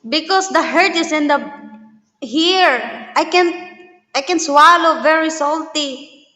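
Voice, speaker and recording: High-voiced woman chatting with a sore mouth. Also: takes it slowly, sharp tone, echoey room, in a large hall, poor audio. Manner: laughs often, speaks broken English with Tagalog fillers. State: sore gums. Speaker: livestream host. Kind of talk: casual livestream chat.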